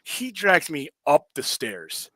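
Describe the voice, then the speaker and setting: A man spins army stories in a casual, animated way, swearing freely and acting out quoted voices. His voice sits a bit high and is bright and forceful. The recording is close and dry. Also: takes it slowly, dry recording, low-quality recording. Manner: animated, profane, acts out quoted drill sergeants. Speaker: podcast host. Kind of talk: casual storytelling chat.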